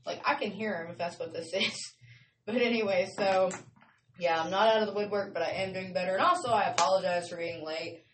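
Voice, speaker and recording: A woman's voice: medium pitch, fairly quick, recorded from a distance. Woman, show host, casual rambling chat, laughing, away from the mic. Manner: chatty, rambling, loose and laughing. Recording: roomy sound from off-mic with faint noise.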